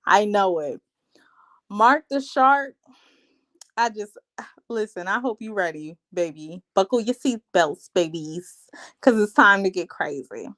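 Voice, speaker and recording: A woman's voice: mid-range voice, animated, slow, pauses often, fairly bright tone. A woman hosting a live reality TV recap, chatting in a sassy, gossipy, slangy way. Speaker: show recap host.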